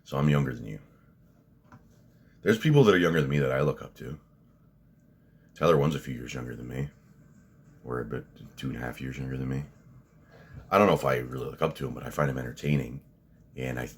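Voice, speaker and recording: A man's voice: extremely low pitch, creaky, slight background noise. A man, rambling bluntly through a casual commentary vlog, swearing freely and restarting his sentences. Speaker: fitness vlogger.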